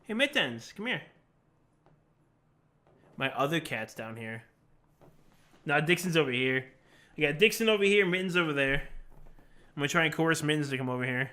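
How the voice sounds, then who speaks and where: A man's voice: fairly high pitch, expressive, normal speed, long pauses, pushed and bright. A man chatting casually on a live stream, rambling and laughing often as he answers questions from chat while he plays.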